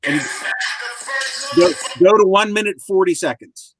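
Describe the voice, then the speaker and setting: A man co-hosting a casual online talk show, recounting stories with lots of filler pauses over a video call. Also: sits high, music in the background. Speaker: co-host. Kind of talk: casual chat.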